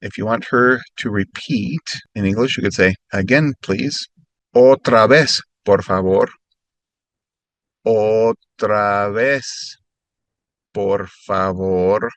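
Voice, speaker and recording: Slow, dry-sounding male language teacher. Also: fairly low pitch, a bit bright, dry recording. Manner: slows way down for practice phrases; clear, instructive delivery. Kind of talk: recorded language lesson.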